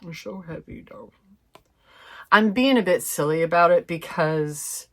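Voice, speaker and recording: A woman with a low voice reads tarot cards for her viewers, talking unhurriedly. Her delivery is chatty and informal, with mild swearing. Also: measured pace, a bit bright. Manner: chatty, swears mildly, laughs, addresses viewers as fam. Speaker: tarot reader. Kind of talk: casual intuitive tarot reading.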